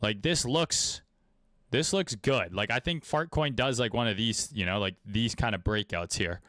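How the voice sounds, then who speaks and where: A man's voice: lowish voice, normal speed, fairly bright tone, dry recording, studio quality. A man giving casual, profane, laid-back commentary on trading charts during a livestream, with many fillers. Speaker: trading streamer.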